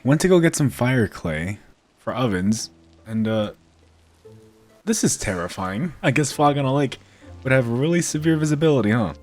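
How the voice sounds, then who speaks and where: A man's voice: medium pitch, lively intonation, normal speed, darkish tone. A man giving casual, playful commentary as a gaming YouTuber, poking fun at himself and laughing often. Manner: playful and self-mocking, with frequent laughter.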